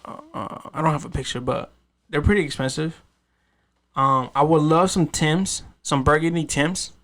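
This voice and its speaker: Talk it through like you're hosting a casual podcast with friends: a man with a fairly high, gravelly voice, swearing freely and looping back on yourself as you ramble. Keep it unscripted and loose. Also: fairly even intonation, normal speed, fairly bright tone. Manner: loose, profane, rambling with restarts. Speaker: podcast host. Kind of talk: casual storytelling chat.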